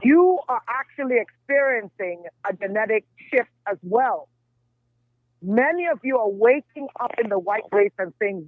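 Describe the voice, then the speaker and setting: A woman with a high voice comes through a tinny, phone-like line with no room sound at all. She talks emphatically and says her points over and over as a guest on a call-in show. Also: animated, normal speed, dry recording. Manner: emphatic, repeats phrases. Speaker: guest psychic reader.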